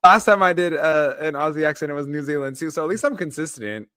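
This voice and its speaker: A man's voice: on the high side, expressive, sharp tone, smooth, no room sound, studio quality. Giggly American man hosting a podcast. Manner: giggly, playful, drawn-out greetings. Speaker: podcast co-host. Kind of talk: casual chat.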